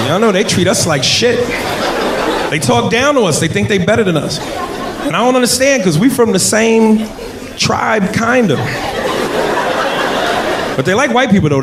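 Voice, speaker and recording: Male stand-up comic, loud and profane, shouted punchlines, high voice, roaring crowd laughter, roomy club. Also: lively intonation, moderate pace, long pauses, very noisy. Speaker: stand-up comedian. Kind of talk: stand-up comedy set. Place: comedy club stage. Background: audience laughter.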